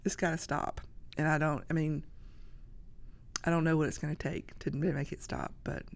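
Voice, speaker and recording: A woman guest on a podcast, talking in a casual, halting way with many restarts. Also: low voice, flat delivery, creaky. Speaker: guest, social media creator. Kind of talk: casual interview talk.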